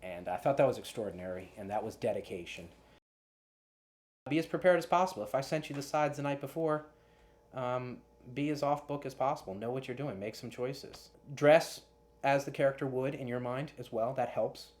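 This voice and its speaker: A man's voice: mid-range voice, moderate pace, a little mellow. A man who works as a casting director, giving earnest audition advice to actors. He often restarts and repeats words as he talks.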